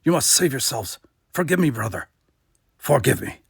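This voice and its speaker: A man's voice: medium pitch, very animated, normal speed, creaky, husky, no echo, full character voice. A remorseful alien prophet pleads in a raised, emotional voice, as a man puts him on. The sound is dry and close.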